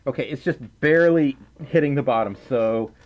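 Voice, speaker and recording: A man's voice: medium pitch, moderate pace, dull audio. A man with a Southern US accent, hosting a casual livestream, silly and giggly, reading out donations and chat. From Mississippi, US South. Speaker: livestream host. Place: indoors at home, wearing a fursuit head.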